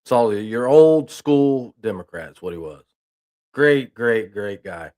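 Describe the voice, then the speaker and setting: A man's voice: mid-range voice, big pitch swings, normal speed, darkish tone. A man hosting a news talk stream, telling a rambling folksy story and reading news aloud in a casual way. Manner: rambling, folksy, with restarts and "I mean".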